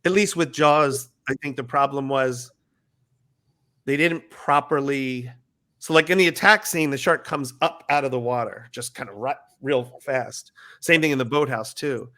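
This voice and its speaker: A middle-aged man, a former ride skipper, telling stories in a casual interview and acting out riders' squeals in a high voice. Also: moderate pace, sharp tone.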